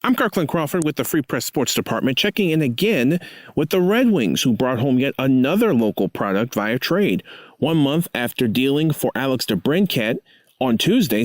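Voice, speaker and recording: A man sports reporter reading a scripted update in a brisk, upbeat way. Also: mid-range voice, no room sound.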